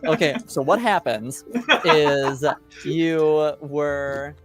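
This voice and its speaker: A man's voice: on the high side, extremely slow. A man narrating as game master, hesitant and full of fillers.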